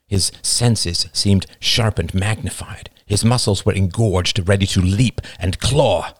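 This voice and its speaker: A man narrating a story in a measured, soft-spoken way. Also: on the low side, dry recording, studio quality. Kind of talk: audiobook narration.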